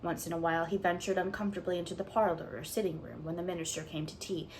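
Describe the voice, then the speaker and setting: A woman's voice: on the low side, slight background noise, rough recording. Woman reading a classic storybook aloud. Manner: expressive, measured reading. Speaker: audiobook reader. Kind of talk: storybook narration.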